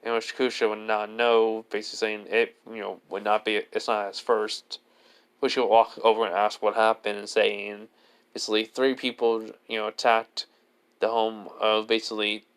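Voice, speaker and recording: A man's voice: lowish voice, flat delivery, moderate pace, a bit bright, clean tone. A man casually improvising a fan story, rambling and leaning heavily on filler words. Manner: rambling, leans on "basically" and "you know" fillers.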